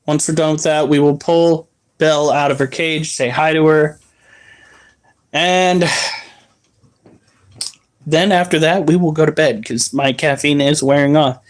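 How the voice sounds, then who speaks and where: A man's voice: fairly high pitch, flat delivery, unhurried, pauses often. A young man chatting casually on a live stream, rambling and explaining how to care for his exotic pets.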